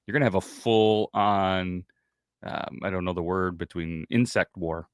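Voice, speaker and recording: A man's voice: low-pitched, a little slow, clear, resonant tone, no room sound. A man co-hosting a podcast, chiming in with wry, dry humor. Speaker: podcast co-host. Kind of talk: casual chat.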